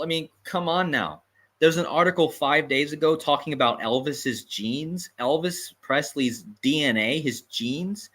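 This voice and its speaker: Male livestream host, bright edgy tone, emphatic and repetitive, chuckling asides. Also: on the high side. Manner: conspiratorial, emphatic, repeats points, chuckles. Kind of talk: livestream commentary.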